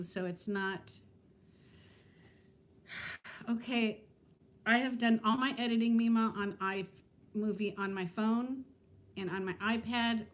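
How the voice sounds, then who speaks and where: A woman in her fifties chatting casually on a live stream from home, talking to viewers by name and laughing often. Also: a little high. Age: 50s. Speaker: vlogger hosting a live stream.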